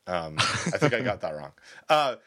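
A man's voice: deep voice, big pitch swings, a little slow, sharp tone, no echo, studio quality. A man co-hosting a podcast from his home office, chatting playfully and rambling with jokes. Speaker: podcast co-host. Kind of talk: casual chat. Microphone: held close to the mouth.

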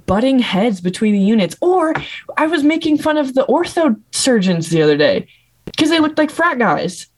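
A young adult woman, a nurse, chatting casually on a podcast, bubbly and quick to laugh as she acts out what people said. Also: sits high, sing-song. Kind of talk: casual storytelling chat.

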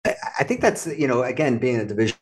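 A man, a guest in a conversational interview, telling a personal story with animated delivery and acting out the voices of people he quotes. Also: mid-range voice, fast. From United States.

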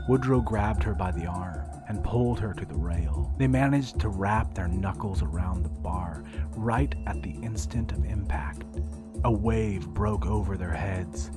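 A man narrating audio fiction in a hushed, breathy manner. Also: low voice, measured pace, over music.

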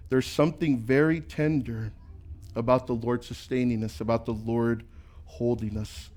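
A man pastor preaches in a relaxed, conversational way, with a voice sitting in an ordinary middle pitch. He slips into quoted voices and repeats words as he builds toward each point. The delivery stays animated and personal, like talking straight to the people in the pews. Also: brisk. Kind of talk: sermon.

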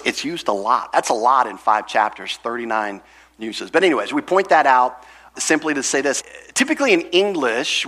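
A man's voice: medium pitch, sharp tone. A pastor teaching an expository sermon to his congregation in a conversational way, with asides.

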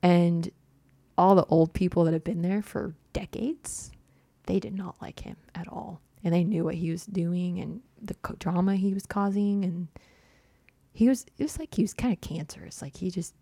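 A woman's voice: fairly low pitch, moderate pace, creaky, mellow, no room sound. A young woman telling a personal story in casual chat, full of "like" and little laughs. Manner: chatty, heavy use of "like", laughs often.

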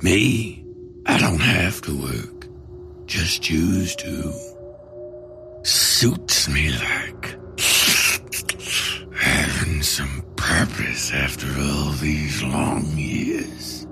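Man voicing a sly masked horseman, gravelly, smug, drawling, for an audio horror story. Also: a bass voice, extremely slow, pauses often, over music, pitched below the performer's own voice, exaggerated voice. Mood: menacing. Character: menacing masked male rider, sly and cruel.

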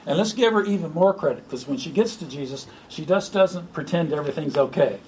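A man preaching an informal sermon to a small group, animated and joking. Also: on the high side, a little fast, hardly any pauses, a little hiss or hum, poor audio. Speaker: pastor.

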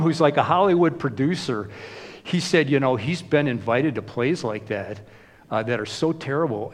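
Man, pastor, casual sermon, chatty asides, mid pitch, long hall reverb. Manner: conversational, frequent "you know" asides.

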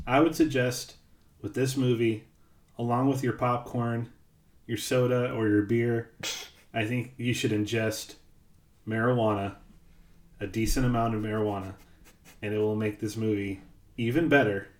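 A man's voice: mid-range voice, fairly even intonation, moderate pace, pauses often. A man co-hosting a podcast, talking casually in a laid-back, easygoing way. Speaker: podcast co-host. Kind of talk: casual chat. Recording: roomy echo.

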